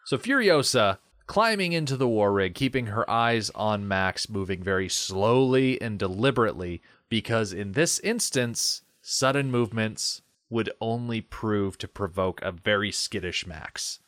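A man with a low voice and a very animated, swinging delivery talks through a movie scene by scene. He is wry and drifts into tangents, recorded close and dry with no room sound. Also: unhurried, hardly any pauses, dry recording. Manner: wry, lively storytelling with tangents. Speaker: podcast co-host. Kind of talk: casual movie discussion.

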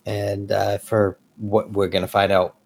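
A man's voice: on the low side, flat delivery, a little slow, vocal fry, darkish tone. A man appearing as a podcast guest, chatting casually about comics in a loose way, with lots of fillers and some swearing.

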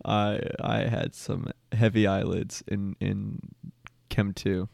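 A man's voice: on the low side, flat delivery, slow pace, vocal fry, darkish tone, a little hiss or hum. A young man co-hosting a podcast, joking around, playfully stubborn and laughing often. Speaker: podcast co-host. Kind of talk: casual chat.

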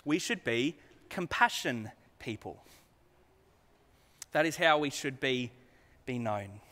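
A man's voice: medium pitch, expressive, takes it slowly, pushed and bright. A man preaching a sermon, earnest and conversational, putting rhetorical questions to his congregation. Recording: long hall reverb.

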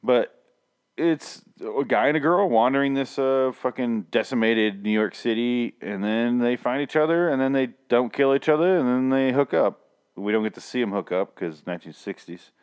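A man's voice: medium pitch, animated, normal speed, smooth. Rambling, foul-mouthed man chatting casually. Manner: rambling, profane and jokey. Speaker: podcast host. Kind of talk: casual chat.

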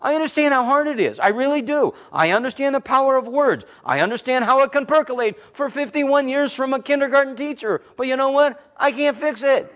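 A man in his fifties, a Christian talk host, telling stories and preaching in a blunt, emphatic, animated way. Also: very high voice, a little fast, hardly any pauses. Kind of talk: conversational preaching with storytelling.

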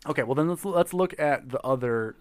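A young man co-hosting a podcast in casual banter, playful and teasing, quick to laugh. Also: mid-range voice, no room sound. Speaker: podcast co-host.

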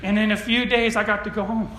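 A male pastor delivers a sermon from a church sanctuary, with a voice that sits notably high for a man. He tells stories earnestly and then drives his points home with emphatic declarations. The sound carries a roomy echo from the hall. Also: little pitch movement, fast talker, pushed and bright.

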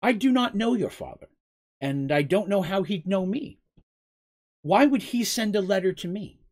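A storyteller voicing an anguished young man who pleads politely in a low, quivering voice. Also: expressive, moderate pace, a little mellow, close to an everyday voice. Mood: pleading.

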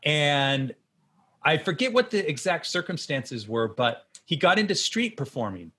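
Animated man podcast host, bright tone. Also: on the high side, measured pace, breathy edge. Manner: rambling, animated storytelling. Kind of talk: casual interview.

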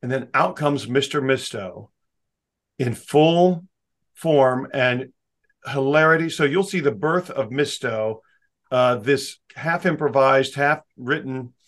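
A man, a magician, telling lively anecdotes as an interview guest. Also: mid-range voice. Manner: lively, doing quick voices for others. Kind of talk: anecdotal storytelling.

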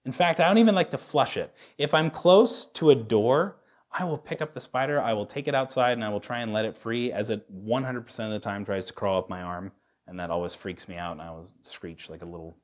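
A man in his thirties preaching a sermon as a pastor, candid and self-deprecating, often restarting his sentences. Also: mid-range voice. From United States.

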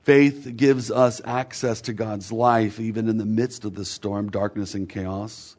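A man preaching a sermon in a measured way, building rhythmic lists whose last words fall away. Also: on the low side, fairly even intonation, a little mellow.

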